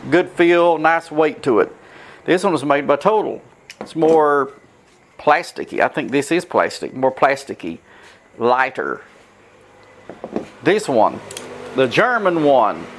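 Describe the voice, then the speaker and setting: A man's voice: on the high side, a little hiss or hum. Crude joking man reviewing tools. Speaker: host of a tool review channel. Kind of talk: casual rambling product review.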